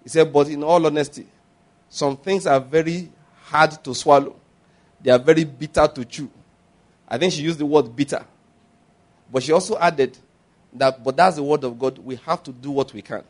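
A man's voice: fairly high pitch, normal speed, pauses often. A man preaching a sermon, telling stories and acting out the people he quotes with bursts of laughter. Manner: animated, acts out quoted voices with laughter. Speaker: pastor.

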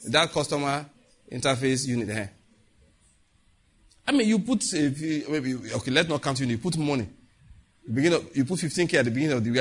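A Nigerian man preaching a sermon, mixing Pidgin asides with animated warnings and slow, solemn prayer lines. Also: medium pitch, husky. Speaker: pastor.

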